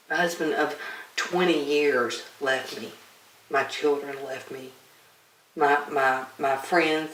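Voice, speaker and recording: A woman's voice: deep voice, a bit bright, far from the mic. Woman, documentary testimony, stop-start delivery, echoey room, a little off-mic. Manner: halting, repeats words, trails off. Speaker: interviewee telling her own story.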